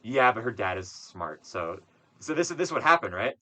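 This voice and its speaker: Young male podcast host, loose rambling storyteller, swears a lot, low and bright. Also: big pitch swings, normal speed. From Wisconsin. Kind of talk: casual chat.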